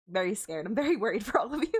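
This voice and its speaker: A young woman streams a game and chats casually, giggling often and restarting her words with stammers. Her mid-range voice is very animated, fairly quick, and slightly rough.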